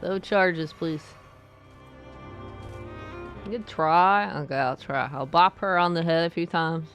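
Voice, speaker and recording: A woman's voice: fairly low pitch, slow, a bit bright, faint music behind. A woman streaming a video game live, chatting playfully and talking back to the game as she plays. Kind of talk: live gaming commentary.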